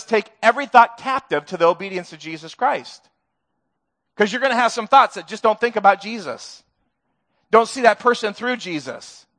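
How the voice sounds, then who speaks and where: A man's voice: very high-pitched, a bit bright. A middle-aged man preaching a sermon to his church, earnest and conversational, with touches of self-deprecating humor. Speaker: pastor. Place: church sanctuary.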